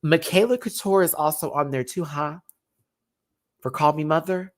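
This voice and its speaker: A man's voice: on the high side, normal speed. A man who is feeling unwell and a little out of breath, hosting a casual live stream and affectionately preaching kindness to his viewers. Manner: affectionate, preachy, calls viewers baby and y'all. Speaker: drag show reviewer and live stream host.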